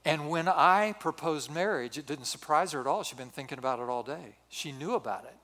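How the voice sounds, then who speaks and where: A man in his sixties, a pastor telling a personal story in a sermon with animated, self-mocking humor. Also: fairly high pitch, brisk. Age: 60s. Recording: reverberant hall.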